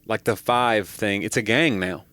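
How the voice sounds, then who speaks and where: A man's voice: lowish voice, measured pace, sharp tone, no echo. A man co-hosting a podcast in casual chat, joking in a dry, playful way. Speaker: podcast co-host.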